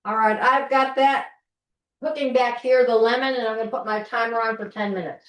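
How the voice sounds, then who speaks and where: A woman's voice: on the high side, fairly even intonation, brisk. A middle-aged woman leading a live online cooking class from her home kitchen, talking in a folksy, chatty way and often restarting her sentences while she works. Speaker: cooking instructor. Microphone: video call from a distance. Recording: roomy kitchen, mic far off.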